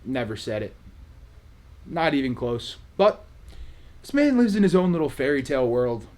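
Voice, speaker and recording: A man hosting a vlog, telling a casual story in a sarcastic, animated way. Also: mid-range voice, moderate pace. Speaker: vlog host.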